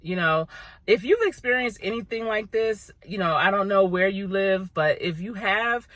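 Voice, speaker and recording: Woman, middle-aged, earnest vlog rant, bright voice, dry close sound. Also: mid-range voice, lively intonation, normal speed, no room sound. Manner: earnest, ranting, chewing gum. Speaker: vlogger, coach. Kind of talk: casual vlog talk to camera.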